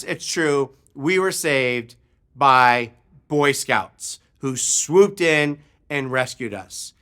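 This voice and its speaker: Bright-voiced pastor telling a story. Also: male voice, on the high side. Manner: animated storytelling, acting out shouts in the story. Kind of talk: sermon storytelling.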